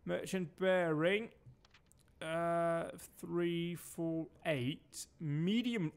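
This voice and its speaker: A man's voice: fairly high pitch, steady tone, slow, gravelly. A man from Denmark giving chatty, sweary commentary while streaming a game and barking orders at his crew. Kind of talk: casual gameplay commentary.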